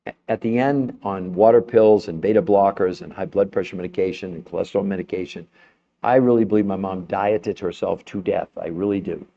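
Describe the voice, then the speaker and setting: A middle-aged man giving an impassioned health talk, blunt and fired up, swearing at times and turning soft and emotional. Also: on the low side. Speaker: health presenter. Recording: slightly dull lo-fi sound.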